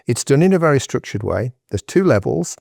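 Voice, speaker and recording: A man's voice: mid-range voice, sing-song, a little fast, gravelly, a little mellow, no room sound, clean studio sound. Emphatic man giving business advice. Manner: emphatic, direct, conversational. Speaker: guest entrepreneur. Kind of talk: podcast interview, advice.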